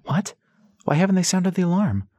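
A man's voice: high voice, very animated, normal speed, mellow, pitched above the performer's own voice. A man voicing an earnest young woman. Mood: worried, pleading.

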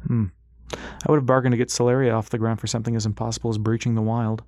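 A man's voice: mid-range voice, flat delivery, fast, darkish tone, no echo, clean studio sound, close to an everyday voice. A man voicing a wry, stubborn airship pilot. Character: dry-witted male airship pilot, stubborn.

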